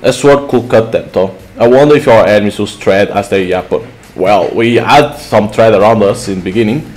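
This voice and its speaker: A man's voice: fairly low pitch, moderate pace, a little mellow, close to an everyday voice. A man reading the lines of a serious, scolding young woman. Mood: stern.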